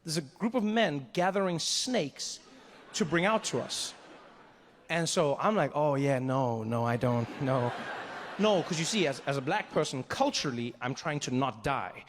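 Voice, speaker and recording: A middle-aged man doing stand-up, telling a story with lively energy and punchy timing. His voice sits fairly high for a man. A long hall reverb and faint ambience surround him. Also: normal speed, slight background noise. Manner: animated, laughing through punchlines. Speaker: stand-up comedian. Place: stage in a large venue.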